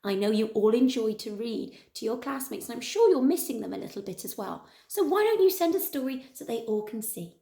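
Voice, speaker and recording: A woman teacher reading a picture book aloud to her pupils in an animated, expressive way. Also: on the high side, fairly quick, vocal fry, hardly any pauses. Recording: echoey room.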